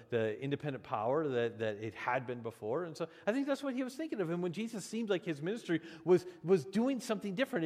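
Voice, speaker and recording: A man preaching a sermon as pastor, in an animated, conversational way with frequent restarts. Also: on the high side. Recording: long hall reverb.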